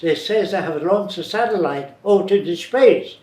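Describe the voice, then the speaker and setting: A man's voice: high voice, normal speed, darkish tone, voice pushed up, lightly acted. A man imitating a scornful German immigrant with a German accent, scoffing. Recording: roomy, distant, faint noise.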